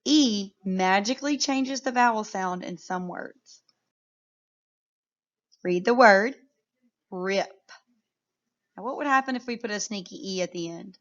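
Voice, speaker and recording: Slow, clear-spoken woman teacher. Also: mid-range voice, fairly bright tone, muffled recording. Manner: slow, clearly sounding out words, encouraging. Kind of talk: phonics lesson for young children.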